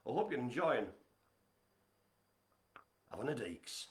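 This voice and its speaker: A man hosting a casual live stream from home, chatty and teasing as he gives shout-outs. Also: mid-range voice, lively intonation, moderate pace, long pauses, roomy sound. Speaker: livestream host. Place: home apartment.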